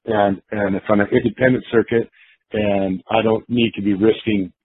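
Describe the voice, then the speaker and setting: A man's voice: on the low side, flat delivery, moderate pace, breathy edge, dry recording. A man casually telling a long story, acting out the quotes of the people in it, with many restarts. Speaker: guest storyteller. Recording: tinny phone-like line.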